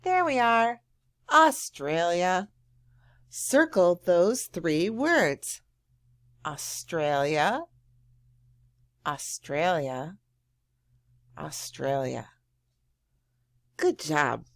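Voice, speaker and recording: A woman teacher giving a slow, encouraging lesson to young children, drawing out words and praising often. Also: fairly low pitch, expressive, no room sound. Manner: drawn-out words, frequent praise and thinking hums.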